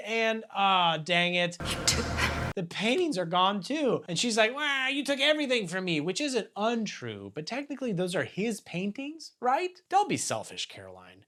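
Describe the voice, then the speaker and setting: A man's voice: high-pitched, sing-song, moderate pace, a bit bright. A young man hosting a comedic movie recap, talking sarcastically and jokily and slipping into silly voices. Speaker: YouTube host.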